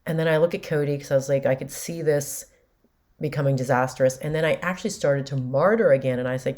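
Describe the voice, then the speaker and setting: A woman's voice: very deep voice, steady tone, brisk, darkish tone. A woman host candidly recounting a personal story in a conversational way. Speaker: podcast host.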